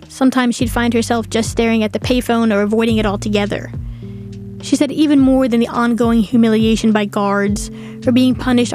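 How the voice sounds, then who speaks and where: A woman narrating a documentary story in a measured, scripted way. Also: on the high side, a little mellow. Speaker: narrator and host. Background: faint music.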